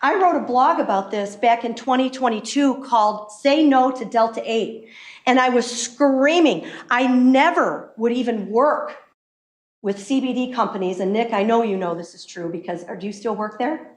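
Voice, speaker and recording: A woman giving an impassioned public comment at a council meeting as a hemp business owner, emphatic and quick. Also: a little high. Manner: impassioned, emphatic, fast-talking. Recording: echoey meeting room.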